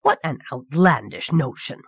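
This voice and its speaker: A woman's voice: low-pitched, expressive, normal speed, gravelly, husky, no echo, heavily acted. A woman voicing a jovial nobleman and doting uncle who speaks heartily, on a dull, dry old cassette recording. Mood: hearty.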